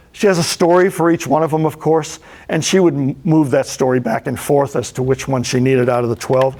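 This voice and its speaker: A man's voice: fairly high pitch, darkish tone. Emphatic man giving a motivational speech. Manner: emphatic, repeats key phrases for effect. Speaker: speaker giving opening remarks.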